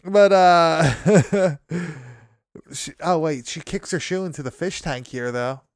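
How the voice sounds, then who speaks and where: A young man with a smooth, resonant voice chats through a horror movie recap. He swears freely, laughs at his own remarks and rambles along with lots of fillers. The recording is dry and close. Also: on the high side, slow, dry recording. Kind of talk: casual movie recap chat.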